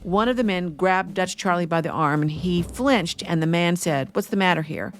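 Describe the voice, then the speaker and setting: A woman hosting a history podcast, telling an old outlaw story in a steady way with wry asides. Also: lowish voice, moderate pace, soft background music. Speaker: podcast host.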